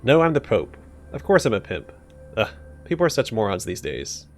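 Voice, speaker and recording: Man reading a gruff game pimp, scornful and dry, with soft music underneath. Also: lowish voice, wildly swooping pitch, fairly quick. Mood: sarcastic. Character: gruff middle-aged male pimp, irritable and sarcastic.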